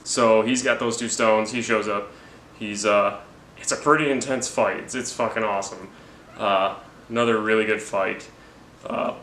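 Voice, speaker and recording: A man's voice: lowish voice, pushed and bright, slight background noise. A man giving a rambling, jokey, profane movie recap. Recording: roomy with faint ambience.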